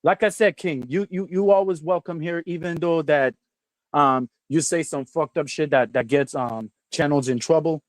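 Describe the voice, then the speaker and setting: A man hosting a livestream, chatting casually in a rambling, halting way with lots of fillers and restarts, sometimes with his mouth full. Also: on the high side, no echo. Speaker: livestream host. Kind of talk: rambling casual stream chat.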